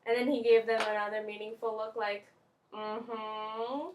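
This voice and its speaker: Young female vlogger, fairly high voice, lively storyteller who squeals and laughs. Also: fast, slight background noise. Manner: animated, squeals and laughs at her own story. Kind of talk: casual storytelling.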